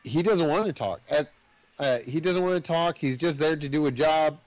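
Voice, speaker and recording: On a casual movie podcast, a male host retells a plot in a rambling manner, full of fillers and acted-out quotes. His voice is on the high side at normal speed, and the recording is rough but without echo.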